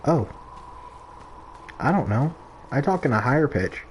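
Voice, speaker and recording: A man's voice: medium pitch, lively intonation, measured pace, slight background noise. A man streaming a video game, chatting casually and rambling with lots of "like" and restarts. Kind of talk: casual gameplay stream chat.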